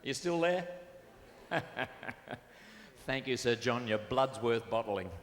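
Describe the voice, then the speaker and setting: A man's voice: mid-range voice, expressive, slow pace, slight background noise. An Australian man bantering cheekily with a live audience as a stage entertainer, on a stage microphone. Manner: cheeky, chatty, teasing the crowd. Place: stage at a fair venue before a live audience. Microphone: stage microphone on a cable. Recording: reverberant live venue with band music.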